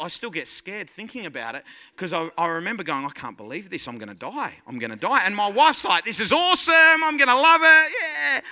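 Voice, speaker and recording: A man preaching as a guest pastor, telling a lively personal story and acting out his own fear and excitement. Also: a little high. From Australia. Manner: animated storytelling, acts out his own panic and joy.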